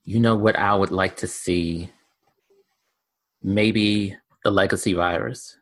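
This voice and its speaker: A man co-hosting a casual fan podcast, relaxed and hesitant, with frequent fillers. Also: low voice, slow. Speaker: podcast co-host.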